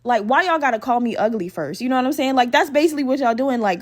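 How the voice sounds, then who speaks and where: A young woman in her twenties, a podcast host, tells a story in a casual, profane monologue. Her voice sits slightly higher than most women's. She is animated and often laughs, acting out the other people in the story. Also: quick pace. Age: 20s.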